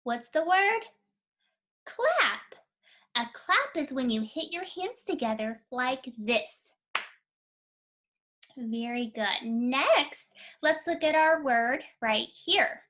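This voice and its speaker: Slow, high-voiced kindergarten teacher. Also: female voice, expressive, fairly bright tone. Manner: slow, clear, encouraging, sounding out letters. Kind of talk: phonics lesson for young children.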